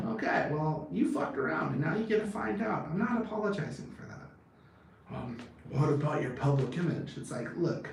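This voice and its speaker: A vlogger in his thirties chats casually, blunt and profane, wandering off topic and laughing often. His voice is slightly high and a little mellow. The recording is very echoey, with him far from the mic and faint noise behind him.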